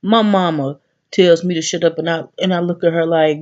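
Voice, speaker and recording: A woman's voice: sits low, fairly even intonation, a little fast, a little mellow. Woman, 30s, vlogger, blunt profane rant, talks to camera, muffled lo-fi sound. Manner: brash, profane, addresses viewers directly. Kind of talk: casual ranting vlog.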